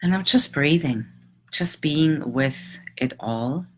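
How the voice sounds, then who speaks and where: A middle-aged woman telling a personal story in a reflective, halting, emotional way, with long pauses. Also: sits low, animated, slight background noise. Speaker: transformational teacher.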